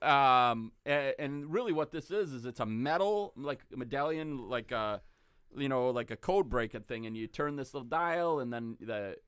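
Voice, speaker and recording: A man hosting a casual podcast, telling a story in a relaxed way with many ums and uhs. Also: medium pitch, smooth, no echo, clean studio sound. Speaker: podcast host. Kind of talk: casual chat.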